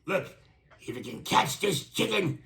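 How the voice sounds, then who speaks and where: A man doing a gruff old boxing trainer. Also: high-pitched, lively intonation, unhurried, sharp tone, voice pushed up, heavily acted. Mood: gruff coaxing.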